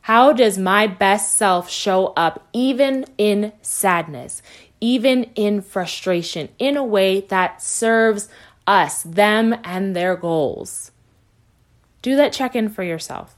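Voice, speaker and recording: A woman coach hosts her podcast in a reassuring monologue. She repeats key lines and slows down to stress them, then picks up speed again. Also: medium pitch, animated.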